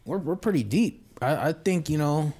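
A man's voice: fairly high pitch, lively intonation, moderate pace, dark tone, slightly rough. A man telling a rambling, profane story in a casual podcast chat, as a guest who once played in a band. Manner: profane, rambling, laid-back.

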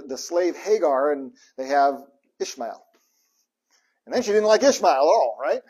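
A man preaching a sermon, telling scripture stories in a lively way with quoted voices and humorous asides. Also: a little high, husky. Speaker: pastor.

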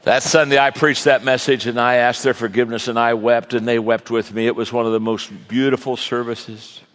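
A man's voice: mid-range voice, flat delivery, a little fast, a bit bright. A man preaching a sermon in a folksy, joking storytelling manner to a large audience. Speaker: pastor, guest speaker. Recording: long reverb of a large hall.

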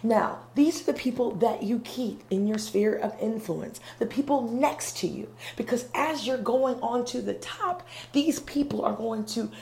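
A woman hosting a podcast, giving an earnest motivational monologue in a conversational way, often checking in with "okay?" and "right?" and sometimes dropping to a soft whisper. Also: a little high, measured pace, creaky, hardly any pauses. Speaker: podcast host. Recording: roomy with faint background hum.

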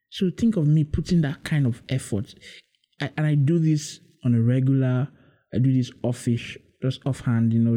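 A man's voice: mid-range voice, mellow. A man, hosting his own podcast in a rambling, musing solo monologue that leans heavily on "you know". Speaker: podcast host.

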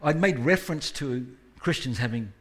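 A man preaching a sermon in a church service with a husky, slightly breathy voice. He keeps a conversational tone, tosses in self-deprecating asides, and lifts his voice to stress a point. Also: medium pitch, expressive, moderate pace, fairly bright tone. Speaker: guest preacher.

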